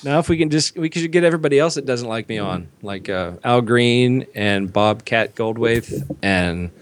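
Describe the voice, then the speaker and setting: With slight background noise behind him, a man with a mid-range voice talks at a moderate pace as a podcast co-host. He tells long, rambling stories in casual chat and acts out quoted voices loudly.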